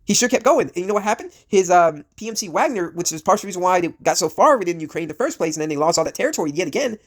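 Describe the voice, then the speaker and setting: A sick, coughing man rants in a fairly high voice. His commentary rambles and restarts, packed with "you know" and "like". He is blunt and profane. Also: animated, very fast. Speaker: vlogger. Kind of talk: casual ranting commentary.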